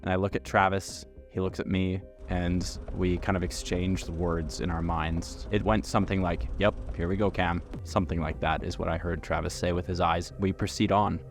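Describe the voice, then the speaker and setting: A man narrating a travel story as a vlogger, animated and acting out the dialogue. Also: deep voice, moderate pace, hardly any pauses, soft background music. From Canada. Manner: animated, acts out quoted dialogue.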